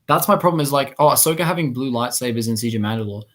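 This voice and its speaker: A man's voice: mid-range voice, rapid-fire, fairly bright tone. A man co-hosting a casual podcast chat, rambling with lots of restarts and fillers. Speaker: podcast co-host.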